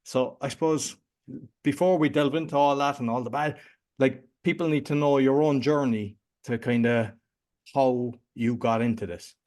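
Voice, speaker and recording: Irish male host, loose chatty delivery, mid-pitched everyday voice. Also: moderate pace, a little mellow. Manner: chatty and rambling, loose informal phrasing. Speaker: podcast host. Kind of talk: casual interview chat.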